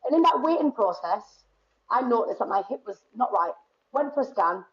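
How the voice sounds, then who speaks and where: A woman's voice: fairly high pitch, lively intonation, normal speed, muffled recording. A woman in her late thirties with a northeast English accent, chatting animatedly as a guest and laughing often. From northeast England. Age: 30s. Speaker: guest performer. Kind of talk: casual chat.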